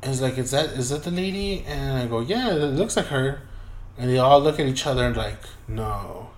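At a moderate pace and in a mid-range voice, a man casually recounts a personal story. He swears throughout, keeps it loose, and imitates the voices of the people in it, all recorded in a roomy, echoey room.

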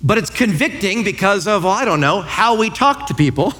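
A man in his thirties, a pastor preaching a sermon in church, telling lively stories and acting out quotes. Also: sits high, brisk. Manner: lively storytelling with acted-out quotes.

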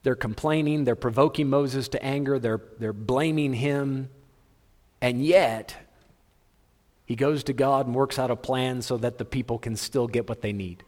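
A man preaching a sermon in a large hall, animated and humorous with a theatrical flair. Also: medium pitch, unhurried. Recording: long hall reverb.

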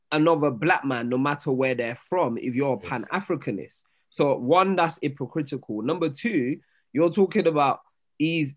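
A man hosting a podcast, arguing his point in an animated, casual way and often laughing. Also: on the high side. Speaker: podcast host.

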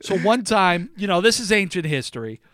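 Animated young man, laughing a lot. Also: high-pitched, brisk, no echo, clean studio sound. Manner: laughs often, rambling storytelling. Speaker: podcast co-host. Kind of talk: casual chat.

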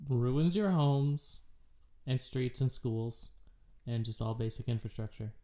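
A woman guests on a movie podcast in easy, casual chat. Her voice is extremely deep for a woman and dark, with a mellow tone. She delivers her points in a dry, laid-back way. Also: slow.

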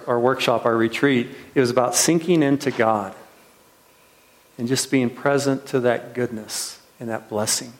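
A man leading a retreat, preaching earnestly, often repeating words and posing questions to his listeners. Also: mid-range voice. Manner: earnest, repeats words, trails softly then lifts with rhetorical questions. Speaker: retreat leader. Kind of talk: sermon. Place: retreat gathering room.

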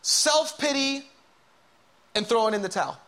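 Man preaching a sermon, high-pitched voice, dramatic swings from loud urging to whispers. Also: animated, unhurried. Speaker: pastor.

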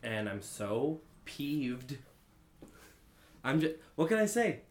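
A man playing a tabletop game with friends, hesitant with drawn-out fillers and dry jokes. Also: medium pitch, big pitch swings, a little mellow, reverberant. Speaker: player.

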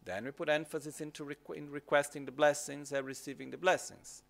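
Calm, softly higher-voiced man teaching meditation. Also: fairly quick, creaky. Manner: calm, repetitive instructive phrasing, checks in with "okay?". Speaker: Buddhist teacher. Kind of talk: dharma teaching on retreat.

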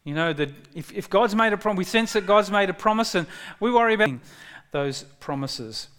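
A male pastor delivering a sermon in an easygoing, conversational way. His voice sits a little higher than most men's, and he breaks into excited, lifted tones when he quotes. He often restarts his phrases as he talks. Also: clear, resonant tone. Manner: conversational, animated when quoting God, halting restarts.

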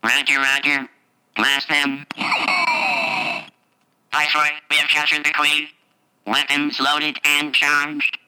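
A clipped robot soldier. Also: male voice, fairly high pitch, slow pace, pauses often, background noise. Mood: clipped, military. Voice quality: flat, clipped robotic delivery. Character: stiff male battle droid soldier. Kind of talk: toy sound-chip voice clip.

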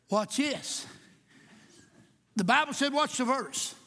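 A man preaching a sermon. He is impassioned, jokes at times and rises to shouts in a church. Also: very high voice, animated, takes it slowly. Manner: impassioned, shouting at peaks, joking asides. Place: church sanctuary with congregation. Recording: echoey church hall.

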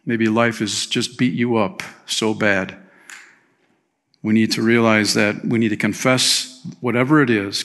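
A man preaching a sermon as pastor, energetic, swinging between loud emphasis and quiet appeals, with rhetorical questions to the congregation. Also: medium pitch, gravelly.

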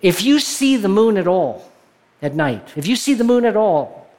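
A male pastor delivering a sermon in a conversational preaching manner, reading scripture and sometimes rising with excitement. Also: sits high, normal speed.

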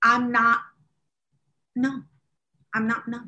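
A woman co-hosting a podcast in casual chat, animated and rambling, often laughing. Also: fairly high pitch, slow pace. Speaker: podcast co-host.

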